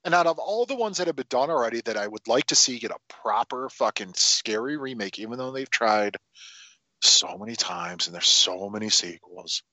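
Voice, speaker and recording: A man's voice: medium pitch, animated, moderate pace, pushed and bright, dry recording, lo-fi sound. A man co-hosting a casual film podcast, talking animatedly and swearing freely. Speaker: podcast co-host.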